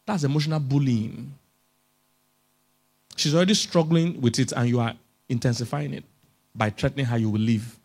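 A man's voice: medium pitch, animated, fast, long pauses, a little mellow, breathy edge. A man from Africa, a relationship expert giving a humorous motivational talk at a conference, coaxing his audience and chuckling often.

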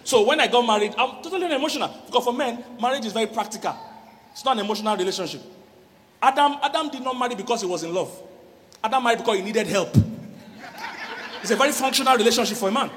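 Animated man preaching in an echoey hall. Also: very high-pitched, quick pace, slight background noise. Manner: animated, laughing, acts out quoted voices. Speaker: relationship coach preaching. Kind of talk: church sermon on marriage.

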